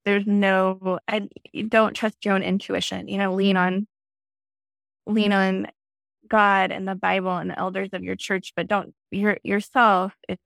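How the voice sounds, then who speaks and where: Woman in her 30s, fry in her voice, chatty storytelling, dry sound. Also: dry recording. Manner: animated, acts out her own past lines in a high excited voice. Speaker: podcast guest. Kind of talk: conversational storytelling.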